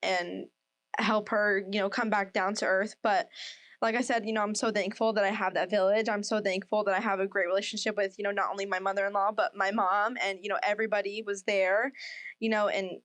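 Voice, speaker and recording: A woman's voice: medium pitch, flat delivery, fairly quick, a bit bright, no room sound. A young woman co-hosting a podcast, chatting casually with lots of fillers and getting emotional. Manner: rambling, many fillers, emotional. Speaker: podcast co-host. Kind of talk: casual chat.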